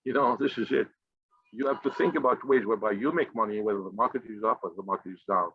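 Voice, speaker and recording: A man's voice: lowish voice, fast talker, dry recording. A man leading a finance group, giving a blunt, profane and combative motivational rant. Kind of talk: impassioned motivational monologue. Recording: dull, slightly lo-fi dry recording.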